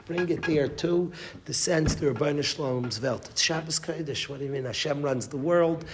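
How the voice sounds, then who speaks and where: Rabbi, male, teaching a Torah class. Emphatic, repeats phrases, slightly high voice, faint background hiss. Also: moderate pace. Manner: emphatic, repeats phrases, restarts mid-sentence. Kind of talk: Torah class with Yiddish and Hebrew terms.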